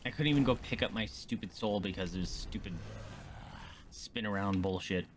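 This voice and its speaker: A man's voice: on the low side, normal speed, background noise. A man giving let's play commentary as a gaming streamer, swearing and ranting at the game in frustration.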